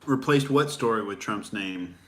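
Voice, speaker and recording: Bright-voiced ranting man. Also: lowish voice, lively intonation, moderate pace. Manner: profane, rambling, sarcastic rant with fillers. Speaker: comedian host. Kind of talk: ranting livestream commentary.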